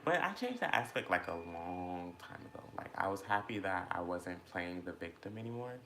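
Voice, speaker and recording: A man's voice: deep voice, expressive, moderate pace, a bit bright, slight background noise. A man chatting casually and reflectively while eating, rambling with many fillers as he thinks aloud about feelings. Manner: rambling, filler-heavy, introspective. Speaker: mukbang vlogger.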